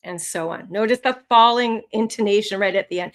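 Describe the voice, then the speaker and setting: A woman instructor teaching English test skills on a live webinar, with lively, rising and falling intonation. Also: medium pitch, a little fast.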